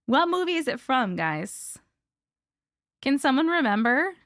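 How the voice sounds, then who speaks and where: A young woman chats casually with her livestream viewers from a room at home. Her voice sits fairly high, and she talks in a scattered, playful way full of quick laughs and silly noises. The sound is dry and close, with no room echo. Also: big pitch swings, fairly bright tone. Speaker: livestream host reading viewer stories. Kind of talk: casual live chat with viewers.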